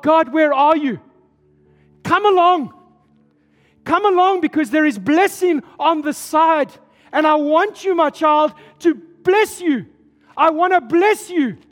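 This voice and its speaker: A loving fatherly God, put on by a preacher pleads urgently for trust in a high voice. The words ring through a large hall. Soft music plays under it.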